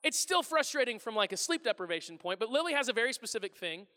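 A man in his thirties, a pastor telling funny stories about his family in a sermon, animated and self-deprecating, acting out his household's voices. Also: extremely high pitch, quick pace, big-room sound. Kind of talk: humorous sermon storytelling. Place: large church hall before a congregation.

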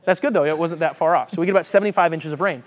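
Very fast and a little high in pitch, a male pastor preaches a lively, conversational sermon. He works through scripture by reading and explaining it, with frequent restarts and words repeated as he thinks.

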